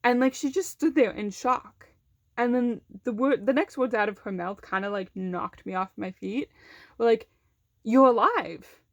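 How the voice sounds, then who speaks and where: A woman's voice: medium pitch, normal speed, no room sound, highs cut off. A young woman casually telling a personal story, with lots of fillers, who brings in the other people's lines by acting them out. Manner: conversational, many fillers, acts out quoted voices.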